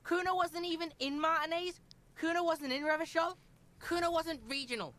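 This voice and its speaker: Video game voice acting: a swaggering, foul-mouthed Liverpool street kid, played by a woman with a high voice. He taunts with profanity and refers to himself by name in the third person. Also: fairly even intonation, moderate pace, fairly bright tone. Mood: taunting.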